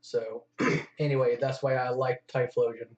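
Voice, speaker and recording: A man's voice: medium pitch, flat delivery, unhurried, a little mellow. A man co-hosting a casual chat, talking eagerly and freely. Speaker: co-host. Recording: echoey room, dull lo-fi sound.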